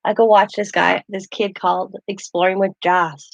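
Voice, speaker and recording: A woman's voice: mid-range voice, level tone, moderate pace, gravelly, dry recording. A woman hosting a casual craft livestream, chatty and rambling as she talks to her chat while she works. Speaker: craft channel host. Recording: dull lo-fi dry sound.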